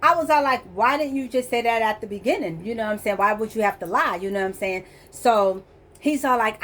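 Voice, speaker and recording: A woman tells a chaotic personal story straight to her audience, animated and laughing as she goes. Her voice sits a little high for a woman. She slips into quick impressions of the people she quotes. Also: slight background noise. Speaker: vlogger telling a personal story. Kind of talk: casual storytelling.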